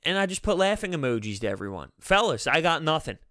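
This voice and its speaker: A man giving an exasperated, animated fan's reaction to his team's loss as a sports vlogger. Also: on the high side, fast talker, dry recording, clean studio sound. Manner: animated, exasperated, laughing through frustration. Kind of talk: fan reaction commentary.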